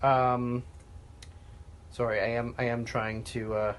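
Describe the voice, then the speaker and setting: A man co-hosting a podcast in casual chat, firing off quick agreeing replies and dry, swearing asides. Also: medium pitch, flat delivery. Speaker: podcast co-host.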